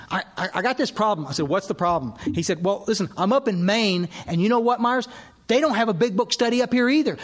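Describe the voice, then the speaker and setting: Man, workshop speaker, animated storytelling, acts out dialogue, higher voice. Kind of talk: storytelling talk at a recovery workshop. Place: workshop hall.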